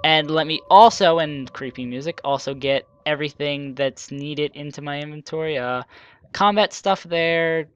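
A man's voice: fairly high pitch, normal speed, smooth, dry recording, muffled recording. A man hosting a gaming channel, giving rambling, self-mocking let's play commentary with joking asides.

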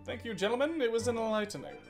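A man voicing a haughty, refined gentleman from a video game, in a formal, mannered delivery. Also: very high-pitched, expressive, quick pace, soft background music, pitched above the performer's own voice.

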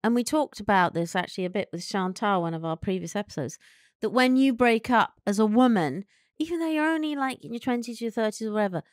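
A woman's voice: on the high side, animated, fast talker, no room sound, studio quality. A woman co-hosting a podcast in casual chat, a chatty, giggly storyteller who hands out frank advice. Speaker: podcast co-host.

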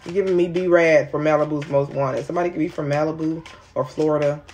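A woman's voice: low-pitched, fairly even intonation, fast, a little mellow, slight background noise. A woman giving a casual tarot reading, chatty and rambling, talking straight to her viewers in an informal, slangy way. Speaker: tarot reader.

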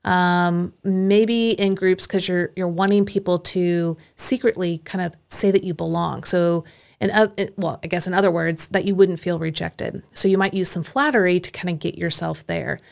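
A woman podcast host and coach, explaining ideas in a clear, teacherly way and listing traits one by one. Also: lowish voice, fairly even intonation, normal speed, a little mellow.

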